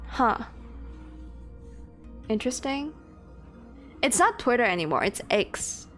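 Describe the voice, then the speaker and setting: This is casual gaming live-stream chatter from a young woman who rambles, curses and laughs while welcoming her chat. Her fairly high, slightly bright voice swings widely in pitch and moves at an unhurried pace over faint game music.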